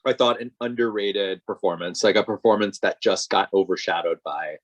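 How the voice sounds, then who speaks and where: A man's voice: low-pitched, normal speed. A man co-hosting a podcast, chatting casually and working through his thoughts carefully as he searches for words. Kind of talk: casual chat.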